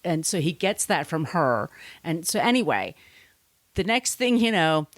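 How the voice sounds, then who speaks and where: Woman podcaster, kinda low voice, super dry close sound, rambling retelling. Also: very animated, measured pace, dry recording. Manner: rambling retelling with acted-out quotes. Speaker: podcast co-host. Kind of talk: casual book-versus-movie chat.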